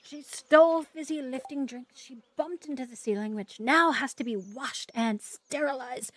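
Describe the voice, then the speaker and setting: A woman's voice: sits high, moderate pace. A woman voicing an eccentric, indignant male candy-factory owner, dismissing people haughtily.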